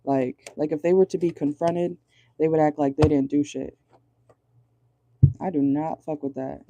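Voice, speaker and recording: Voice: medium pitch, steady tone, moderate pace, background noise. A chatty tarot reader giving a casual, blunt reading from inside a car, swearing freely and laughing often.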